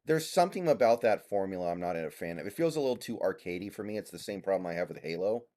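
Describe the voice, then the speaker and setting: Male streamer, low-pitched and unhurried, easygoing banter with a co-player, stumbles through fillers. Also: animated, warm tone. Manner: laid-back, halting with fillers. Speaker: streamer reading chat. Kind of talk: casual gaming chat.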